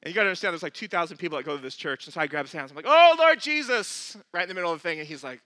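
A male pastor preaching with a high, piercing, very bright voice. He tells a story in a lively way, jumps into the voices of the people in it and laughs at his own jokes. The sound is close and completely dry. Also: racing, no echo. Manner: animated storyteller, acts out quotes, laughs at himself. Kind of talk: sermon with storytelling.

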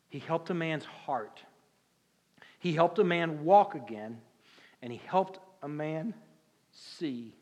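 His voice here is on the high side and darkish in tone, ringing through a large hall. The man, a pastor with a Southern US accent, preaches folksily in a church sanctuary, talking conversationally and posing many rhetorical questions.

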